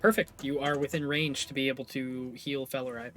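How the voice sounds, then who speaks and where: A man narrating as game master of a tabletop game, describing scenes in a loose, halting way with many fillers. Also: mid-range voice, steady tone, a bit bright.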